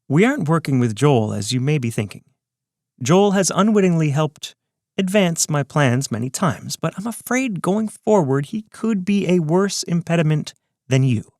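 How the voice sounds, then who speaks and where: A man's voice: fairly high pitch, lively intonation, normal speed, darkish tone, dry recording, pitched above the performer's own voice. A smug schemer with a raised, lilting voice, as a male narrator puts him on, mocking and condescending. The recording is dry and close, for a serial audiobook. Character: smug scheming male villain taunting over video.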